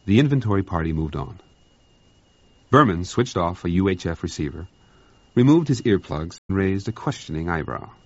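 A man reading a story aloud in a wry, measured narration, on a dull, dry lo-fi recording. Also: deep voice, big pitch swings, no room sound. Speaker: audiobook reader. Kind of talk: scripted narration.

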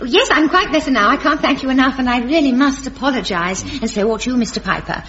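A woman's voice: high-pitched, lively intonation, quick pace, fairly bright tone, slight background noise. An actress playing a genteel, polite woman who talks in an apologetic way. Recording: dull lo-fi vintage recording.

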